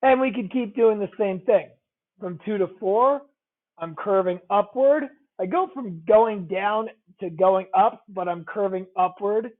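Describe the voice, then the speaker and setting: A man's voice: high voice, unhurried. A man teaching a math lesson, talking conversationally, repeating key phrases and checking in with the class. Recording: tinny phone-like audio.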